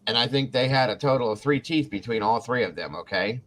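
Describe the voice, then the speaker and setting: A man's voice: mid-range voice, brisk. A man from Ohio hosting a casual talk show, telling a story with swearing and acted-out quotes. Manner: animated, swears freely, acts out quotes. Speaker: podcast host.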